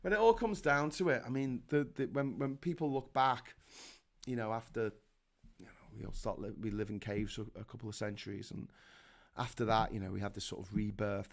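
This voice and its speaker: A man from Liverpool hosting a sweary, sarcastic comedic rant, with mock voices and shouted peaks. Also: fairly low pitch, gravelly. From Liverpool, England. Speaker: host.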